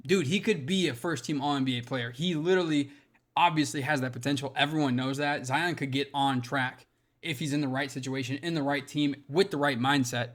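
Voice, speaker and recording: A young man from Minnesota ranting about basketball trades in a loose, profane, excitable way. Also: mid-range voice, fairly quick. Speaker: sports commentator. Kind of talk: casual opinion rant.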